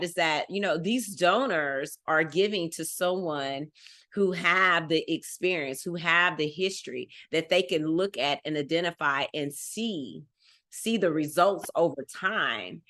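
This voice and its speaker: A woman's voice: deep voice, fairly bright tone. A woman from Texas with a Texan accent, chatting casually and emphatically on a talk show, laughing often and repeating points for emphasis. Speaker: guest. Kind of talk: casual chat.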